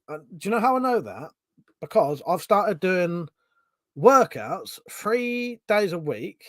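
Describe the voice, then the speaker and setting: A British man hosts a casual livestream, reading out viewers' comments and bantering with chat in a loose, rambling way, swearing freely. His voice sits on the high side and sounds a bit bright. The recording is clean studio sound with no echo.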